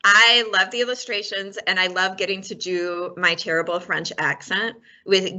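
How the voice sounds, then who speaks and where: A woman's voice: mid-range voice, steady tone, moderate pace, hardly any pauses, sharp tone, dull audio. A woman librarian hosting a casual chat and telling a short family anecdote. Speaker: librarian host.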